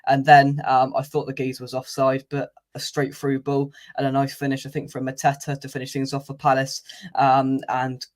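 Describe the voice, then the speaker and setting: A man's voice: mid-range voice, completely flat delivery, normal speed. A man, co-hosting a casual football chat, laid-back and hesitant with fillers. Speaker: podcast co-host.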